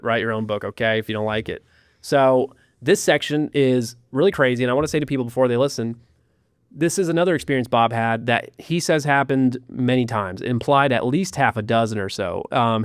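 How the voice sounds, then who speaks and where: Man, podcast host, mid-pitched voice, dry close sound, mocking, chatty. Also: smooth, no room sound. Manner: irreverent, mocking, with frequent restarts. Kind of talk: casual podcast commentary.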